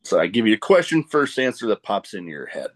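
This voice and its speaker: A man's voice: lowish voice, sing-song, fast. A man hosting a podcast in a casual interview chat. He laughs often and wanders into rambling asides. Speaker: podcast host.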